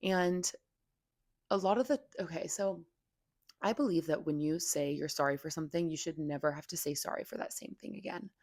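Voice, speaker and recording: Young woman podcaster, low voice with lots of vocal fry, dry close sound, says like constantly. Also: fairly quick, a little mellow, dry recording. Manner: venting, heavy "like" filler, frequent swearing. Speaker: podcast host. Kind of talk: candid casual podcast monologue.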